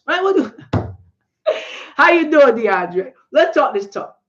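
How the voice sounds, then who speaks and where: A woman hosts a casual history live stream, greeting her chat as she goes. Her voice sits fairly high and bounces between excited peaks and low asides. The sound is dull and lo-fi. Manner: animated, chatty, greets viewers in the chat.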